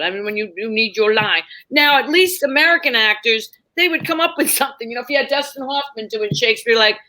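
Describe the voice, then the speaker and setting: Bright high-voiced woman comedian telling stories. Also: a little fast. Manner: animated, laughing, acts out voices in her stories. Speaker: comedian guest. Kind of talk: storytelling chat.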